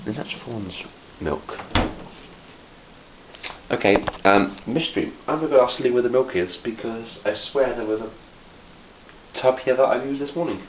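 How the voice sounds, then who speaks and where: A young Englishman vlogs to camera, rambling casually with lots of fillers and long pauses. His voice is medium-pitched and normal in speed, and the camera audio sounds dull with background noise behind it.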